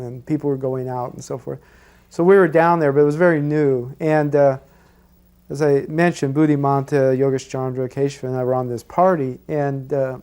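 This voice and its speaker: Man, mellow voice, loose chatty memories, lots of "you know". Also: mid-range voice. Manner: relaxed, many fillers like "you know". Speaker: devotee recalling memories. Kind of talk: casual reminiscence.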